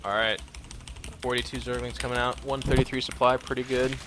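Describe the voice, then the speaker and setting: A man co-hosting a casual gaming podcast who chats and tells jokes in a matter-of-fact, deadpan way. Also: mid-range voice, brisk, background noise. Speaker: co-host.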